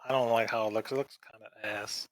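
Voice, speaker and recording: A man's voice: on the low side, steady tone, quick pace, low-quality recording. A man co-hosting a casual podcast chat, rambling in slang and briefly mimicking characters in exaggerated voices. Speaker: podcast co-host.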